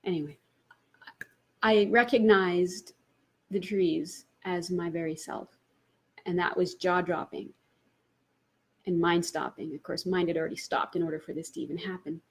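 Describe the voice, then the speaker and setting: Woman, spiritual teacher, personal story, husky, laughs a lot, animated. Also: fairly low pitch, moderate pace, long pauses. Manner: laughs often, animated retelling.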